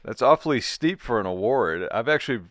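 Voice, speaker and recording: A man's voice: mid-range voice, animated, fairly quick, a bit bright, no room sound, studio quality. A young adult man co-hosting a casual chat, joking and rambling with restarts. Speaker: co-host.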